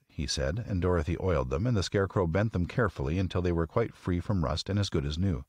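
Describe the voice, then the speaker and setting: A man narrating a classic children's story as an audiobook, with an expressive, measured reading. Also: low-pitched, husky, no echo, clean studio sound.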